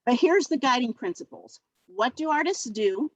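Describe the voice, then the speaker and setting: A woman's voice: high voice, expressive, normal speed, no room sound, dull audio. A woman who teaches middle school art, presenting a virtual workshop in a chatty way with many fillers. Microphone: video call.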